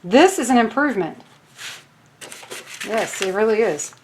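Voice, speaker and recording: A woman's voice: fairly high pitch, expressive, unhurried, a little mellow, a little hiss or hum. A woman with a Southern US accent hosting a casual craft tutorial, chatting to viewers in a self-deprecating way while she works. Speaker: crafting video host.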